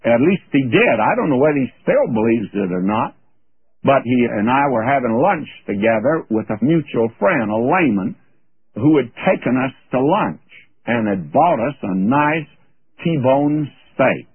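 A man delivers a radio Bible teaching sermon in a husky, lively voice that rises and falls freely. His manner is folksy and anecdotal, with emphatic turns. The sound is dry and tinny, like an old radio broadcast. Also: mid-range voice, a little slow, no echo. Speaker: preacher.

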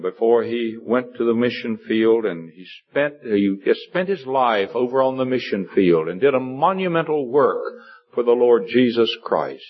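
A man preaching a sermon in an earnest, rambling way, his voice climbing for emphasis and stopping often for fillers. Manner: earnest, rises in pitch for emphasis, many fillers. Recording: dull lo-fi recording.

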